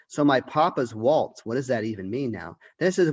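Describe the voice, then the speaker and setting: A man's voice: mid-range voice, expressive, moderate pace, few pauses, lo-fi sound, a little hiss or hum. A man who is a college literature professor, giving a lecture and thinking aloud with restarts and questions. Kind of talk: recorded lecture.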